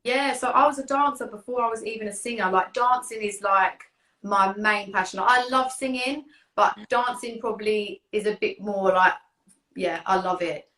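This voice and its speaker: A woman's voice: mid-range voice, normal speed, bright, forceful tone, recorded from a distance. Giggly British woman in an echoey room. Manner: giggly, hesitant. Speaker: guest. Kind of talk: casual live stream chat.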